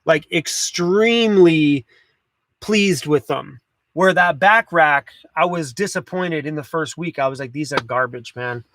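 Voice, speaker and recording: A man's voice: fairly high pitch, unhurried, fairly bright tone, no room sound. A man hosting a casual van life livestream, chatty and laid-back, swearing now and then. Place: inside a camper van.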